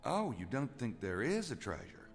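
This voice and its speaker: A man's voice: medium pitch, wildly swooping pitch, normal speed, vocal fry. An actor playing a laid-back, teasing male investigator in a video game, questioning a stranger. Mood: probing. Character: wry male investigator, nosy and casual. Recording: reverberant game audio with music.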